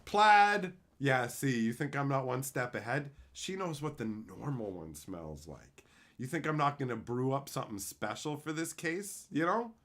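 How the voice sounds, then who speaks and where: A man chatting casually with his livestream viewers, crude and joking, swearing freely as he tells animated bits. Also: mid-range voice, moderate pace. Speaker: streamer answering chat.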